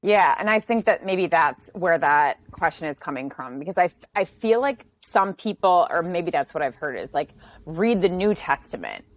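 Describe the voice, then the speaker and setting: A woman hosting a casual talk, thinking out loud with restarts and the odd swear word. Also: on the low side, animated, normal speed. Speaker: podcast host. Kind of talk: casual chat.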